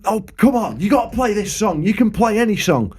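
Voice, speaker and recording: A man's voice: high voice, sing-song, fairly quick, a little mellow, slightly rough, voice pushed up, full character voice. A man voicing a drunk, pushy male pub heckler who keeps insisting. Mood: pleading.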